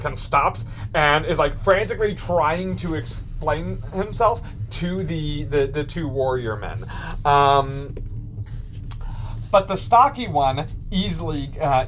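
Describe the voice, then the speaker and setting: Man running a tabletop game, higher-pitched, rambling with many restarts, faint background noise. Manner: rambling, many restarts and fillers, laughing often. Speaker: game master.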